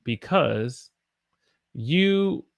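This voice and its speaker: A man's voice: mid-range voice, lively intonation, extremely slow, vocal fry. A man from the United States teaching English on a live stream, tired after a long day and encouraging as he reads out viewer sentences and corrects them.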